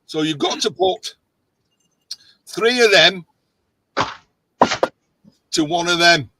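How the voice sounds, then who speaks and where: A man's voice: sits high, slow pace, pushed and bright, poor audio. A man hosting a casual livestream chat, rambling and jokey as he gets a little tipsy. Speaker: host.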